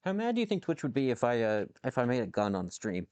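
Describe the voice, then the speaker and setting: A man streams from his home workshop with a lathe, machining and bantering with chat, rambling and swearing as comments come in. He's very animated and fast, his mid-range voice a little mellow and smooth, with no echo.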